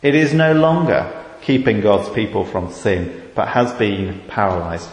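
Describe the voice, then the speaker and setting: A British man preaching a sermon, measured and deliberate, rising to fervent emphasis on key words. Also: on the low side. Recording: echoey hall with long reverb.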